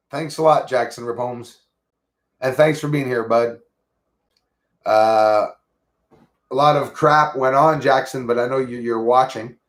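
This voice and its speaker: A man hosting a casual livestream, talking to viewers in a halting, earnest way with many fillers and restarts. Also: mid-range voice, fairly even intonation. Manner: earnest, thankful tone. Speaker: livestream host.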